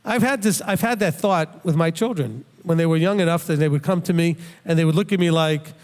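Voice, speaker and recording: A man's voice: fairly high pitch, a little fast, a little mellow. A middle-aged man giving a plain-spoken, earnest Bible teaching, often repeating words as he thinks aloud. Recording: long hall reverb.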